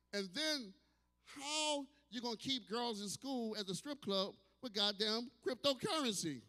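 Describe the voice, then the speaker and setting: A very high-pitched, animated man, speaking a little slowly, does stand-up at a distillery bar in front of a live audience. He's a loud, brash, profane comedian in his fifties from New Orleans, USA, prone to sudden shouts and acted asides, and the club room gives the recording a hall reverb.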